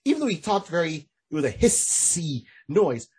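A man's voice: a little high, big pitch swings, normal speed, darkish tone, breathy edge. Rambling podcast co-host man. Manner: rambling, lots of restarts. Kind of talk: casual chat.

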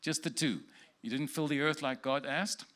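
A man preaching in a church, speaking prophetic words over people in the congregation one at a time. His voice is bright and forward, and he moves easily between joking and earnest blessing. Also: a little high, moderate pace. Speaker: guest preacher.

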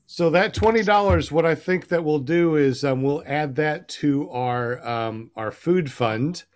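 A man's voice: fairly high pitch, a little slow. Casual rambling male host. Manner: rambling, with many fillers. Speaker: host of a paramotor livestream. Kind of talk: casual group chat.

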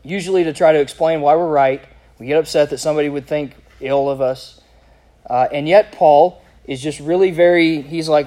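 High-voiced pastor preaching conversationally. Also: male voice, a little fast, dark tone. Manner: conversational, rhetorical questions, reads scripture with rising emphasis. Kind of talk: expository sermon.

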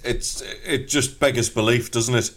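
A man's voice: mid-range voice, fairly even intonation, normal speed, a bit bright. A man on a football chat panel, exasperated, building analogies to make his point. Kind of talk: casual chat.

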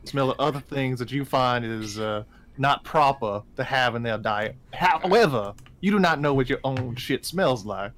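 A man's voice: mid-range voice, moderate pace, fairly bright tone. A man playing a tabletop game, joking and wordy as he talks in character and out. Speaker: player. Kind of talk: casual tabletop play.

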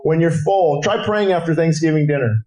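A man's voice: fairly high pitch, a little fast, mellow, echoey room, poor audio. A middle-aged man preaching a sermon at a breakfast gathering, earnest and rising into urgent exhortation.

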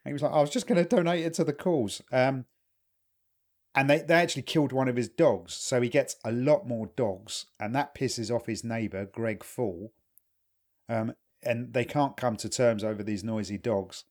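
A man's voice: medium pitch, moderate pace, darkish tone. A man co-hosting a podcast, telling rambling anecdotes in casual chat, laughing and restarting as he goes. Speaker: podcast co-host.

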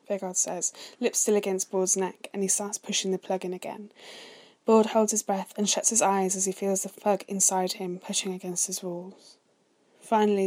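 Soft-spoken woman reading a story. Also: mid-range voice. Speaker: story reader. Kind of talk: read-aloud fan fiction narration.

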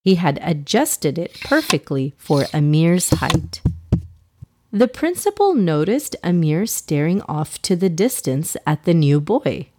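A woman reading a children's story aloud in a gentle, even storytelling manner. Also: low voice, takes it slowly.

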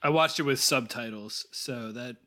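A man with a bright, clear-toned voice, co-hosting a casual podcast. He muses thoughtfully about a film and often restarts his sentences. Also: medium pitch, moderate pace. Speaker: podcast co-host. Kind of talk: casual film review chat.

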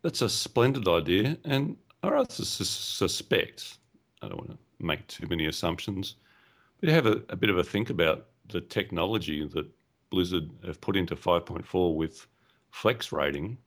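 A man's voice: deep voice, animated, moderate pace. A man, co-hosting a casual gaming podcast, rambling and hesitant with many fillers. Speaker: podcast co-host.

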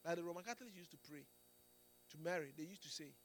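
A fast-talking man with a fairly high, animated voice delivers an emphatic sermon, restarting phrases often and checking in with the congregation through "Amen" and "Do you get it?". A little hiss or hum runs under the recording.

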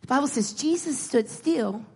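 A woman preacher delivering a sermon in a church hall, moving from quiet storytelling to shouted exhortation. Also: high voice, animated, normal speed, slightly rough. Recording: long hall reverb.

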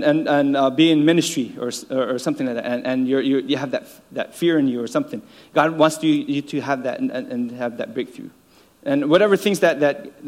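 A man preaching an informal sermon, earnest and halting, with many repeated words and fillers and chuckles between phrases. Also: medium pitch.

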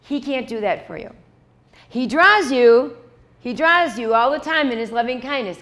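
Woman, preacher, sermon, slightly high pitch, chatty, repeats key phrases. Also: animated, moderate pace, a bit bright. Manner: conversational, repeats key lines, frequent "okay?" and "right?" asides; acts out short dialogues in quoted voices.

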